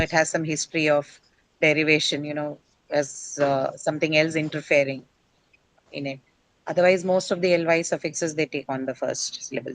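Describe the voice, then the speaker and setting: A woman's voice: deep voice, no echo, low-quality recording. A middle-aged woman teacher lecturing a class, explaining step by step and quizzing her students as she goes.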